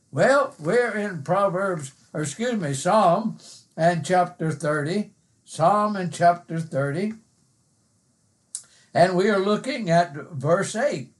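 A man delivers a sermon in a slow, measured way, pausing often with "uh" between earnest, emphatic phrases. His voice sits high for a man, and he quotes scripture in old-fashioned wording. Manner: earnest, emphatic, with frequent "uh" pauses. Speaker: preacher.

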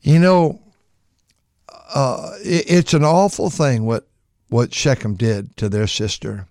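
An older man, a pastor, preaching a folksy sermon with frequent restarts, acting out quoted voices in a higher pitch. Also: expressive, slow pace, a little mellow, no room sound, studio quality.

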